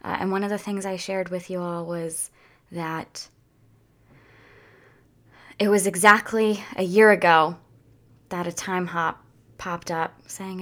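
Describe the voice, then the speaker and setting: A woman talking casually to her viewers in a heartfelt, chatty way, near tears and drifting into soft whispers at times. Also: fairly low pitch, fairly even intonation, slow, pauses often. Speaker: vlogger. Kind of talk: casual personal talk to viewers.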